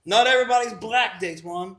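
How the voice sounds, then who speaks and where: High, bright-voiced man telling a rambling story. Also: a little fast. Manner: rambling, profane, laughing as he tells it. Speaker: podcast co-host. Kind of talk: casual storytelling chat.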